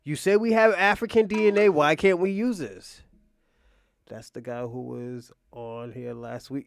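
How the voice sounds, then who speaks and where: A man with a high voice hosts a casual reaction stream. He talks straight to his viewers in a blunt, swearing, offhand way. The sound is dry and close. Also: fairly even intonation, moderate pace, dry recording. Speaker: reaction channel host.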